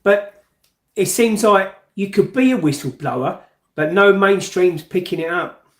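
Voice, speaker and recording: A man's voice: sits high, lively intonation, a little slow, echoey room. A man chatting easily as a guest on a home livestream. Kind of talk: casual chat.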